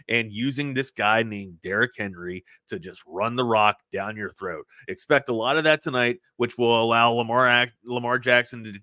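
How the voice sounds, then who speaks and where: A man with a slight Baltimore accent co-hosts a sports talk show, rambling and animated as he breaks down games. His voice is bright and forceful. It is recorded dry and close on a studio mic. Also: medium pitch, no echo.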